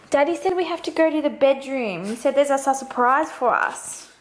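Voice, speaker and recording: A young Australian woman vlogging casually to a handheld camera, gushing and excitable, laughing often. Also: high-pitched, moderate pace, few pauses. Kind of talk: casual vlog chat to camera. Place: car, then home.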